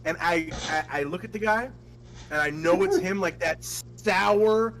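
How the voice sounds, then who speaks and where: Crude, animated male podcast storyteller. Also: high-pitched, measured pace, low-quality recording. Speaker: podcast co-host. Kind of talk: casual podcast chat.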